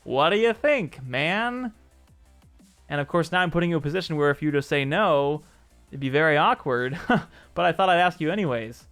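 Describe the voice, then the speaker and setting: Male streamer, slightly high voice, loose and talkative, self-correcting, faint music under. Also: fast talker, a bit bright, smooth. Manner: chatty, answers chat by name, jokes and corrects himself. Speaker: streamer and game developer. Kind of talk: casual live-stream chat.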